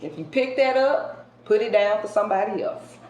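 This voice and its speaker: A woman doing a casual tarot card reading for her viewers. She talks colloquially and emphatically, jumping between loud outbursts and hushed asides. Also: mid-range voice, expressive, moderate pace. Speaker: tarot reader. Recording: roomy echo with faint background hiss.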